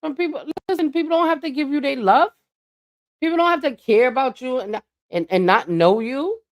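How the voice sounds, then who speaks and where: A woman's voice: high voice, lively intonation, a little fast. A woman livestreaming a blunt, profane monologue that lectures her viewers. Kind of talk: ranting live-stream monologue.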